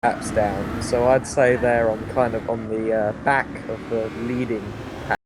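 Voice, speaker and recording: A male co-commentator reading out gaps and positions, halting and filling pauses with "uh". His voice has a middling pitch. The recording carries a steady hiss. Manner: hesitant, many fillers, reads out stats and chat. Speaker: race co-commentator. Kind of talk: live sim-racing commentary.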